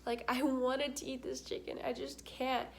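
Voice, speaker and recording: A young woman talks casually to her camera, candid and chatty, her sentences full of filler words. Her voice sits a little high, with a faint background hiss behind her. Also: level tone, moderate pace. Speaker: vlogger.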